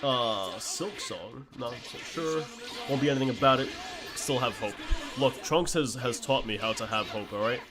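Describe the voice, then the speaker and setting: A man streaming games, chatting casually and telling stories in a blunt, animated way. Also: medium pitch, normal speed, music in the background. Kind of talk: casual gameplay commentary.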